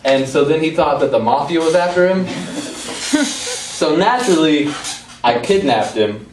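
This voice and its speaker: A man performing stand-up comedy on a club stage, telling a story in a laid-back way and laughing at his own jokes. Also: a little high. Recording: echoey club recorded from far off with audience. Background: audience laughter.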